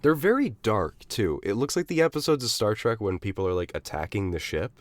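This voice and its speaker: A young man co-hosting a podcast in a low, varied voice. He recaps the story dryly and matter-of-factly. The sound is close and dry, with no room echo. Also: very animated, fairly quick. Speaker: podcast co-host. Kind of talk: casual chat.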